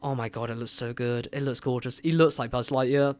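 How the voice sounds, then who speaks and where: Smooth-voiced, rambling, excitable man. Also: medium pitch, brisk. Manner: rambling, enthusiastic, lots of filler words. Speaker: radio show host, movie reviewer. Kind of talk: excited casual movie chat.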